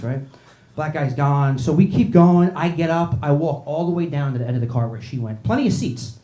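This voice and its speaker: A man's voice: mid-range voice, a little fast, hardly any pauses, darkish tone. A man doing a profane stand-up set, riffing with the crowd in a small club. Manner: brash, profane, riffs with the crowd. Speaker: stand-up comedian. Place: small comedy club with audience. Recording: echoey club, noisy live room.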